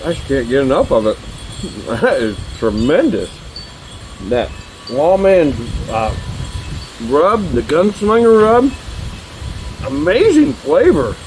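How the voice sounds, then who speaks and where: A man's voice: a little high, sing-song, darkish tone, slight background noise, rough recording. A man who runs a grill shop, tasting his own cooking in a casual demo and exclaiming with delight while he chews. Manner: enthusiastic, drawn-out exclamations of delight; talks while chewing.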